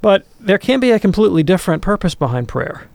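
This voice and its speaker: Brief: male radio theologian, gravelly, dry close mic, patient teaching tone. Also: high-pitched, very animated, darkish tone, dry recording. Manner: earnest, explanatory, slows down to stress points. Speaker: theologian answering listener questions. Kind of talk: radio call-in talk.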